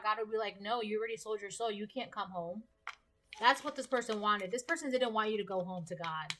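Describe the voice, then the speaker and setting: A woman's voice: on the high side, bright, forceful tone. A woman doing a casual spoken tarot reading for her viewers, earnest and repetitive, often checking in with "all right?" and "okay?". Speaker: tarot reader.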